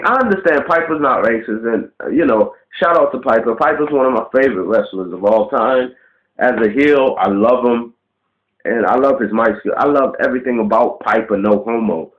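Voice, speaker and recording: Man venting on a home video, mid pitch, profane and blunt, roomy dull lo-fi sound. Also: animated, normal speed. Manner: blunt, profane, ranting with rhetorical questions. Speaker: vlogger. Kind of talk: casual rant to camera. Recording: roomy, dull lo-fi webcam audio.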